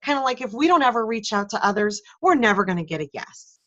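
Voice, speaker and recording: A woman's voice: a little high, lively intonation, fast talker, fairly bright tone, dull audio. A woman in casual chat, earnestly working through an analogy and finishing her co-host's thoughts.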